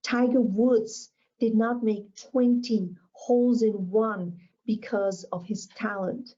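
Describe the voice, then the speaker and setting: A woman's voice: mid-range voice, fairly even intonation, slow pace, dark tone, muffled recording. A woman giving a motivational keynote talk, emphatic and repeating her key phrases. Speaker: motivational speaker.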